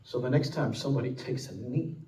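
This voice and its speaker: Dramatic preacher in an echoey church. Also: male voice, brisk, distant mic, a little hiss or hum. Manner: dramatic, swinging from loud, high and emphatic to low and hushed. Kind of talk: sermon storytelling. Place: church sanctuary.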